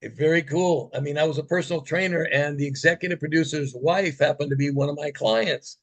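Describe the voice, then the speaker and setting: A man with a gravelly, slightly husky voice, telling stories as an interview guest. He talks casually and with enthusiasm, and his voice drops soft when he quotes someone. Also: fairly high pitch, steady tone, brisk, poor audio. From United States. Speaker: interview guest, former TV gladiator. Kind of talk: casual storytelling.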